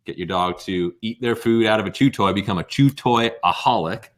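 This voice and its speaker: Low-voiced young man presenting a webinar. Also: moderate pace. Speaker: co-host.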